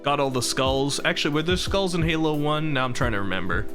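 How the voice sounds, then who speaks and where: A man's voice: a little high, quick pace, over music. A man in his thirties chatting casually on a live stream, rambling and chuckling between thoughts.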